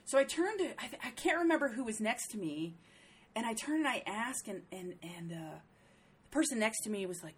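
A middle-aged woman telling a story in casual chat, animated and profane, jumping into a higher voice when she quotes people. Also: brisk, slightly rough.

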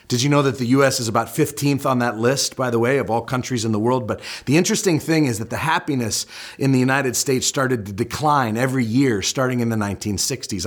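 A male pastor preaching a sermon, telling the story with lively humor and pointed asides. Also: medium pitch.

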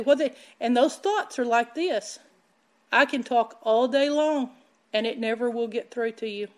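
A woman preaching a sermon, emphatic and animated as she tells stories. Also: high-pitched. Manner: animated, emphatic, laughs while telling stories. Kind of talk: sermon with storytelling.

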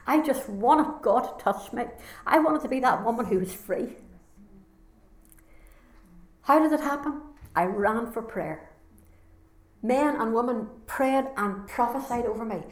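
A woman's voice: fairly high pitch, animated, a little slow. A woman with a Northern Irish accent giving an earnest, heartfelt personal testimony as a conference speaker. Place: conference hall. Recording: echoey hall sound.

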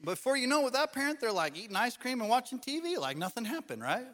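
A man preaches in a bright, fairly high voice, chatty and animated, with jokes mixed into the sermon. When he comes to the main point, he settles into a quieter, measured tone. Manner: conversational, animated preaching with humor. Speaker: pastor.

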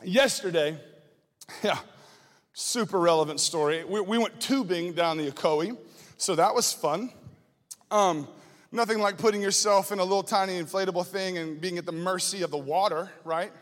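A male student ministry pastor, preaching with animated storytelling that shifts from slow prayer to lively anecdotes. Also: high-pitched, big-room sound. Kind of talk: sermon with personal storytelling.

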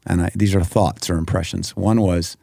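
A man's voice: low-pitched, fairly even intonation, moderate pace, creaky, dark tone, dry recording, studio quality. A man as an interview guest, telling a story vividly and emphatically, acting out the prayers he quotes.

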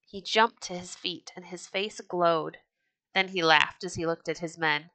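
A woman reading a classic tale aloud for a storybook podcast, with expressive storytelling. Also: fairly low pitch, unhurried, no echo.

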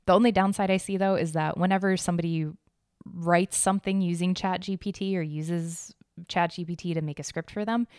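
A woman hosting a news podcast in a loose, rambling way, blunt and a little profane. Her voice sits on the low side and comes through smooth and clean. The recording is close and dry. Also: steady tone, brisk, darkish tone, no room sound. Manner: chatty and rambling, with fillers, blunt and swearing. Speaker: podcast host. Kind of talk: casual news podcast commentary.

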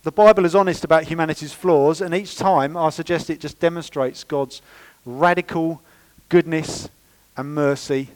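Lively man preaching. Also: fairly high pitch, normal speed, low-quality recording. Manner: lively, conversational preaching with playful asides. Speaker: pastor. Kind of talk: sermon. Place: church.

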